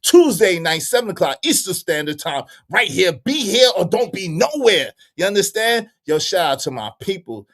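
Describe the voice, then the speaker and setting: A young man hosting a casual livestream, bantering with the chat in animated, repetitive bursts with frequent laughs. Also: high-pitched, normal speed, few pauses. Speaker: livestream host.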